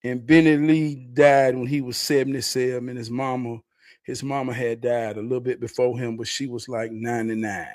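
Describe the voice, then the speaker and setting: A man on a casual talk show recalling an old friend in an earnest, halting way. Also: mid-range voice, little pitch movement, a little mellow, no room sound, clean studio sound. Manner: earnest, halting, restarts when telling a story. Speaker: podcast co-host. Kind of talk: casual storytelling.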